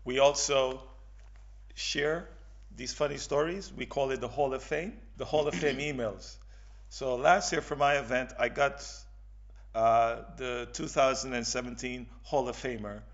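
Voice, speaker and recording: Relaxed man with an Indian accent. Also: medium pitch, dull audio. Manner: relaxed, halting, laughs. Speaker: salsa event organizer, guest. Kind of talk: casual chat.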